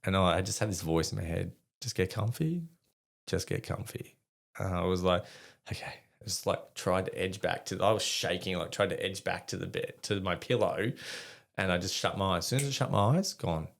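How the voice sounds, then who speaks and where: Australian man, deep voice, gravelly, middle-aged, vivid storyteller, swears freely. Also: fairly quick. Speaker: podcast guest, army veteran. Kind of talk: casual storytelling in conversation.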